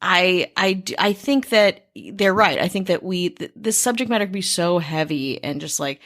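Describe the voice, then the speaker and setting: A fast-talking woman co-hosts a true-crime podcast. Her voice sits low for a woman. She moves from loose chat into read narration of the case. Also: a bit bright. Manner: speedy talker. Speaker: podcast co-host.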